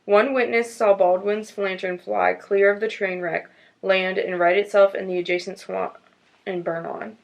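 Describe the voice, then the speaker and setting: A woman's voice: mid-range voice, little pitch movement, moderate pace, vocal fry, low-quality recording. A woman hosting a podcast, chatting casually and reading ghost stories aloud in a storytelling tone. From North Carolina. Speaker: podcast host.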